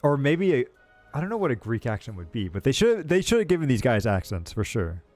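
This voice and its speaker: A man's voice: mid-range voice, very animated, fairly quick, darkish tone, dry recording, soft background music. Chatty American man streaming a game. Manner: joking, chatty. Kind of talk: casual gameplay commentary.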